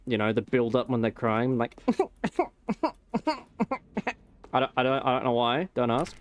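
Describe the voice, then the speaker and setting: A man's voice: medium pitch, flat delivery, fast talker. A young man casually rambling and joking while he streams a game, with some swearing. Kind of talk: casual gameplay commentary.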